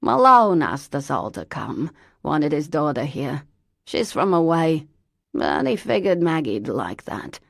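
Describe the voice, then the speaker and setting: A woman's voice: low voice, very animated, measured pace, gravelly, dry recording, studio quality, exaggerated voice. A woman voicing a knowing old woman with a rusty voice.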